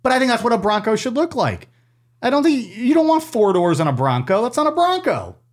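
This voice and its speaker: A man's voice: high-pitched, big pitch swings, a little fast. A man co-hosting a podcast, chatting casually and joking, swearing freely. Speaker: podcast co-host. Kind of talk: casual chat.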